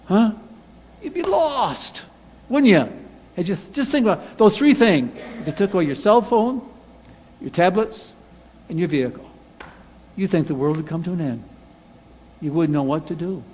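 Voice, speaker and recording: A man preaching a sermon as pastor, animated, acting out angry quotes in a loud voice. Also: high voice, moderate pace, pauses often. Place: church sanctuary. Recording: reverberant church hall.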